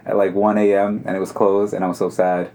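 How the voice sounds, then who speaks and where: A man's voice: low voice, little pitch movement, brisk, mellow. A young man co-hosting a podcast, chatting casually and trading teasing jokes with his friend. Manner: joking, teasing banter. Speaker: podcast co-host. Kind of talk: casual chat.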